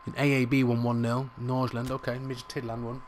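A young man commentating live on his own football video game match, excitable and jokey, swearing mildly and shouting at near misses. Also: medium pitch, brisk, a little hiss or hum. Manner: excitable, shouts at big moments; calls players "brothers", mild swearing. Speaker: gaming YouTuber.

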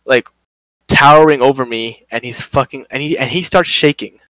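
A young man hosting a podcast, telling a work story in casual, animated chat, swearing a lot and acting out quotes. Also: medium pitch, moderate pace, dry recording, poor audio.

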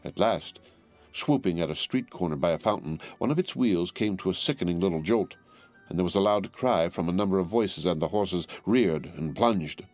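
A man narrating a classic novel as an audiobook in a measured, formal storytelling manner. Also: deep voice, lively intonation, a little mellow, faint music behind.

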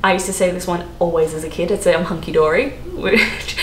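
Speaking fairly quickly and animatedly in a lowish register, an Australian woman explains slang on her casual vlog. She rambles and giggles throughout, and the room adds echo along with faint background noise.

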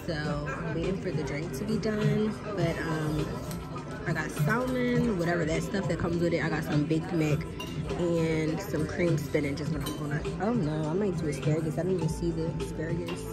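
Young female vlogger, chatty and slangy, slightly low voice, phone mic with music under. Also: normal speed. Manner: chatty, slangy, nervously excited. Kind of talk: casual vlog chat. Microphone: phone held by hand. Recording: music playing behind.

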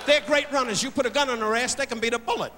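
An older man doing live insult stand-up on a theater stage, loud and brash as he barks jabs at the audience. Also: very high voice, fast, long reverb tail. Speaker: insult comedian. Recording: live theater show, loud crowd and noise. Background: loud audience laughter.

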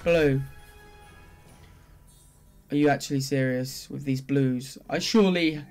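A gaming video creator reacting while opening loot boxes. They swing between glum muttering, pleading with the game, and excited shouting. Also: mid-range voice, slow pace, faint music behind.

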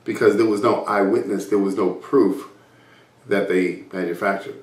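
A man's voice: lowish voice, steady tone, normal speed. A man speaking as a motivational business speaker. He tells a personal story and acts out remembered conversations, with frequent restarts. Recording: roomy, distant mic.

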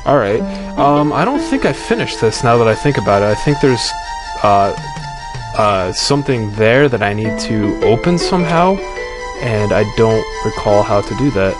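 A man's voice: fairly low pitch, animated, normal speed. A man commentating on a horror game, jumpy and swearing often as he reads the game's text aloud. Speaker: let's play commentator. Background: game music.

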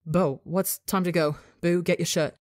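Woman doing a hurried young alien man. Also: fairly low pitch, fairly even intonation, darkish tone, no echo, clean studio sound, lightly acted. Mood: hurried, anxious. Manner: hurried, shaky. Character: frightened young male alien with antennae.

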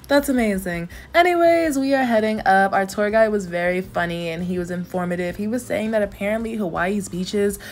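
A woman's voice: medium pitch, slight background noise. A woman vlogging on a hiking trail, chatty and enthusiastic, with slangy asides and at times out of breath. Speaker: travel vlogger. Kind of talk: casual vlog narration and on-the-go talk.

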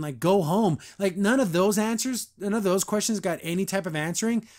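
A man hosting a podcast, giving a casual, rambling episode review full of "like"s and laughs. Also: high-pitched. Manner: animated, rambling, frequent laughs and "like". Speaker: podcast host.

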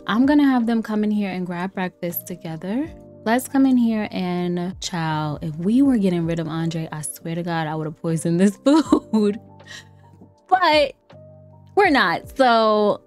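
A young woman talks her way through a game in an unhurried, drawn-out way, chatty and playful. She laughs often and jumps into excited exclamations. Soft lofi music plays faintly behind her. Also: medium pitch. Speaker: let's play streamer. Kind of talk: casual game commentary. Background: faint lofi background music.

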